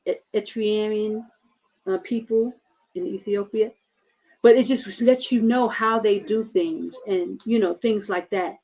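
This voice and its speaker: Woman preacher, mid-pitched, fervent and repetitive, on dull lo-fi stream audio. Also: darkish tone. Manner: fervent and preachy, addressing listeners as brothers and sisters; repeats words and restarts often. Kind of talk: impassioned online sermon.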